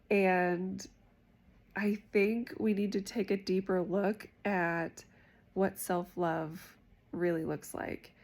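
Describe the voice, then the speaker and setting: A woman's voice: mid-range voice, darkish tone. A woman hosting a self-help talk, speaking candidly and conversationally about her own experience. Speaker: host.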